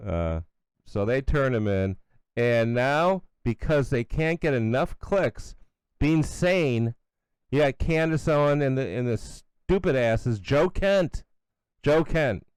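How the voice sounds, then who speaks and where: A man's voice: mid-range voice, expressive, slow pace, a little mellow, smooth, no echo. A middle-aged man hosting a solo commentary show, blunt and sarcastic, scornful, with frequent asides and restarts. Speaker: radio commentary host.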